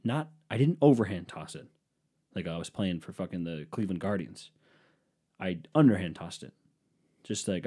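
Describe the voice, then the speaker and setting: A man's voice: low voice, animated, moderate pace, long pauses, dark tone, husky. A man telling a comic personal story in a rambling, profane, self-deprecating way. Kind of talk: casual comedic storytelling.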